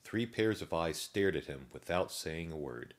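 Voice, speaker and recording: A man reading a children's story aloud in a steady, gently amused narration. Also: sits low, moderate pace.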